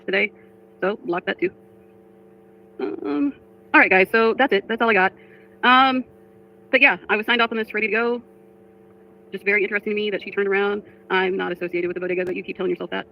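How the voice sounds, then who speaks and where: A woman's voice: mid-range voice, steady tone, fast talker, gravelly, long pauses. A woman livestreamer talking casually to her chat, frustrated, reading comments aloud. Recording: dull lo-fi stream audio.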